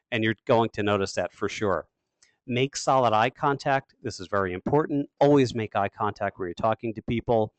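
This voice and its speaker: A man coaching salespeople on a webinar, his voice sitting a little low. He talks quickly with punchy emphasis, recorded dry with no room sound. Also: dry recording. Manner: fast, emphatic, energetic delivery.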